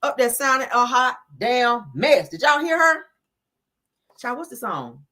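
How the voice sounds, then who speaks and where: Woman, gossip commentary host, brash and profane, lively swooping voice, fairly high. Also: a little slow. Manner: brash, profane and animated, calls the audience "child" and "honey".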